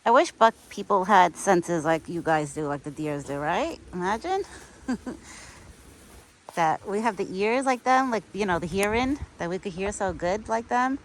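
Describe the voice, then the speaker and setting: A woman's voice: mid-range voice, animated, moderate pace, slight background noise, rough recording. Chatty young woman outdoors. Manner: chatty, sprinkles talk with "like", soft and affectionate. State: pregnant. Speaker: vlogger. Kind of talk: casual outdoor vlog. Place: outdoors on a windy cold day.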